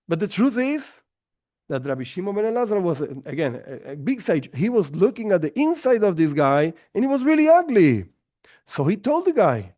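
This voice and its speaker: Male rabbi, storytelling class, animated delivery, slightly high voice, dry close sound. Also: no echo. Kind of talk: storytelling lesson.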